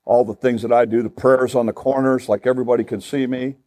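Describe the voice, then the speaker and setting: A man's voice: mid-range voice, animated, normal speed, darkish tone, no room sound. A man putting on a scornful self-righteous Pharisee. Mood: sneering. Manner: scornful, boastful.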